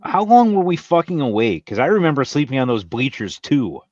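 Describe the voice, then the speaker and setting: A man in a casual chat, calmly recalling army days with old friends. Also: medium pitch, a little fast, no echo. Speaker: guest, army buddy. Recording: dry, lo-fi sound.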